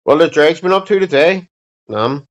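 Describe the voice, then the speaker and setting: Streaming from home, a male host talks to his viewers in a casual, rambling, blunt manner full of swearing. His voice is on the high side with lively intonation and a moderate pace, captured in dull lo-fi audio.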